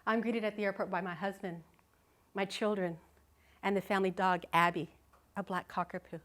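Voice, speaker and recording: A woman's voice: medium pitch, steady tone, moderate pace, fairly bright tone. A middle-aged woman giving a live talk, telling a personal story vividly and expressively, often laughing. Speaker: speaker. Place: live speaking event.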